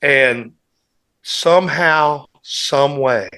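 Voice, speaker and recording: A man's voice: a little high, very slow, sharp tone, clean tone. A man on a casual podcast, telling long, rambling band anecdotes as a guest musician and acting out what others said.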